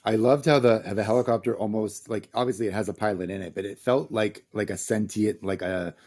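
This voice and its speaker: A man's voice: on the low side, steady tone, a little fast, darkish tone. A man co-hosting a podcast, reflecting on a film in casual chat with joking asides. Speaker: podcast co-host. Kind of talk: casual movie discussion.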